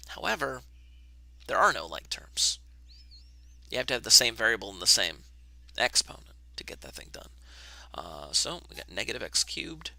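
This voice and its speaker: Gravelly, bright-voiced male math teacher. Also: medium pitch, dry recording. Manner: casual, talks to himself while setting up camera. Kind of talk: online class lesson. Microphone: webcam.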